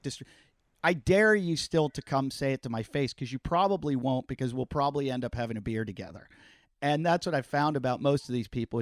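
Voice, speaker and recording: Brief: male podcast host, slightly high voice, animated and jokey, dry close sound. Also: no echo. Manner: animated, profane, jokey storytelling. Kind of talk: casual interview chat.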